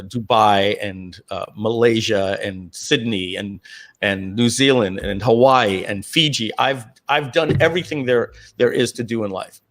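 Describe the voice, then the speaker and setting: Man, middle-aged, company founder, live Q&A storytelling, rambling, restarts, throat-clearing, medium pitch. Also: fairly bright tone.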